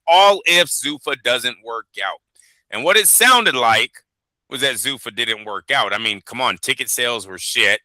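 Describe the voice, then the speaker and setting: Bright, dry-voiced man telling stories. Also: medium pitch, animated, unhurried, no room sound. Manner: profane, rambling storyteller acting out quotes. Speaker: boxing show co-host. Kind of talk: casual podcast chat.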